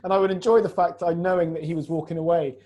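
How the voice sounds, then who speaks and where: Chatty man with a mellow voice. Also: on the high side, fairly even intonation, quick pace. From Iraq. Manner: chatty, laughing storyteller. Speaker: podcast host and fitness coach. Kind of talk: casual chat. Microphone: video call.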